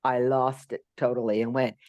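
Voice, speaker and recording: A woman in her sixties, a podcast guest and author, telling lively anecdotes in an interview. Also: normal speed, no echo, studio quality. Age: 60s. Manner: animated, acts out quotes in high voices.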